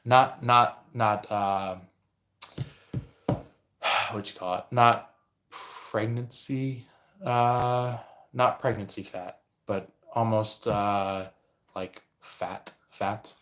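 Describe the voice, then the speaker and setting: A man's voice: lowish voice, steady tone, drawn-out words, long pauses, fairly bright tone. A man giving a casual astrology reading and responding to viewer comments, talking hesitantly with many fillers. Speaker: astrology and tarot reader.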